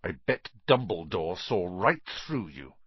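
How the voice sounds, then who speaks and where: A man's voice: medium pitch, very animated, slow, slightly rough, dry recording, dull audio, heavily acted. A man reading an audiobook, voicing an angry, defiant twelve-year-old boy wizard who speaks in a tense, clipped way.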